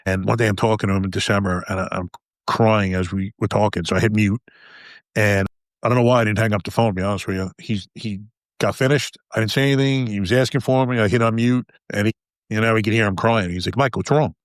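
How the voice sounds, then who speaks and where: A man's voice: lowish voice, steady tone, quick pace, no echo. A man in his fifties, a retired police officer, telling a podcast host his story in a blunt, profane, candid way.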